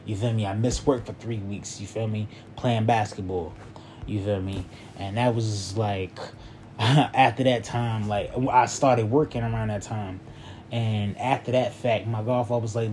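A man's voice: on the low side, fairly even intonation, unhurried, a little mellow, slight background noise. A young man casually telling a personal story in a loose, rambling way, often checking in with the listener. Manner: loose, rambling, repeats "you feel me".

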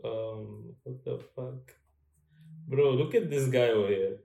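A man's voice: mid-range voice, slow pace, creaky, mellow, echoey room. A young man co-hosting a podcast who rambles, swears casually and trails off mid-thought. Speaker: podcast co-host. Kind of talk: casual chat.

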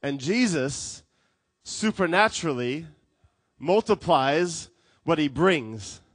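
A man preaching a sermon as a pastor, telling stories with lively acted quotes. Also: on the high side, takes it slowly, slightly rough, no room sound. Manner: animated storytelling with acted quotes.

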